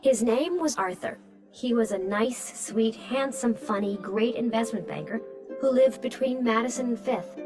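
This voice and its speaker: Wry musing series narrator voiced by a woman; higher voice, music bed under. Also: expressive, moderate pace, natural voice. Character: wry female narrator of a city dating series. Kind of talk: scripted narration. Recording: TV voice-over with music.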